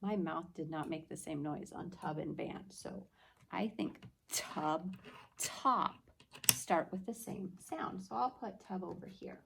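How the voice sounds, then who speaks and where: A woman teacher giving an early-reading phonics lesson, patiently sounding out words slowly and clearly for young children. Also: lowish voice, noisy background.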